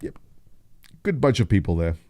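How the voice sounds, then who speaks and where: A man talks loosely through a livestream, reacting as he goes, thinking out loud and laughing easily. His voice is soft and mellow, and it sits dry and close with no room sound. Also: on the low side, very animated, normal speed, no echo. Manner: chatty, laughs often, thinks aloud. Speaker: livestream host reacting to a video. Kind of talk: casual livestream commentary.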